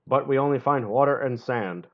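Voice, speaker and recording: A man's voice: mid-range voice, normal speed, highs cut off, lightly acted. A man voicing a short, big-eared male alien leader, reading his lines in a stiff, formal way.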